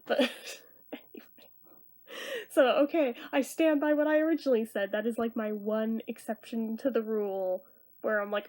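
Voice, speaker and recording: A woman in her thirties, tired and half awake, rambling quietly through a casual late-night movie review. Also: on the high side, steady tone, moderate pace. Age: 30s. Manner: rambling, talking quieter than normal.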